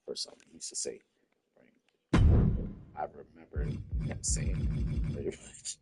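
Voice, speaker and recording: A man's voice: rumbling low, fairly even intonation, a little slow, creaky, pauses often, mellow, husky, whispered, low-quality recording. A man muttering casual gameplay commentary to himself as he builds a character. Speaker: gamer creating a wrestler.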